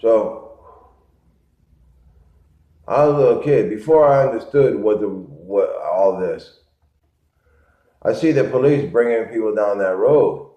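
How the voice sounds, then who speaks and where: A man from Connecticut telling a rambling, repetitive story in a low-key monologue. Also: lively intonation, normal speed, dark tone. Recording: echoey, muffled lo-fi room sound.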